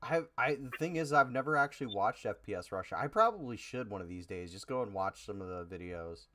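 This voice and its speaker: A man co-hosts a casual podcast chat. He talks with a lowish voice and throws in dramatic, exasperated remarks. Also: expressive, fast talker, sharp tone. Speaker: podcast co-host.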